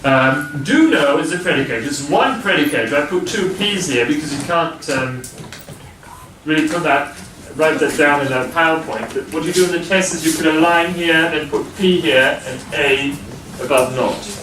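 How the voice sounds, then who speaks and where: A man's voice: on the high side, normal speed, recorded from a distance. Male lecturer in an echoey, noisy hall. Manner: explaining step by step, asking the class questions. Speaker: university lecturer. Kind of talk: classroom lecture.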